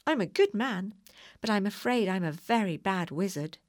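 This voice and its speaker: A woman's voice: mid-range voice, lively intonation, moderate pace, no echo, close to an everyday voice. Woman reader doing a kindly, apologetic storybook wizard; dry close sound.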